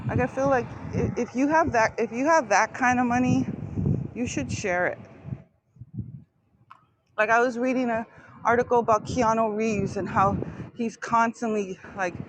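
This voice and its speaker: A woman chatting casually on a live stream, rambling with many fillers and restarts, outdoors near traffic. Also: mid-range voice.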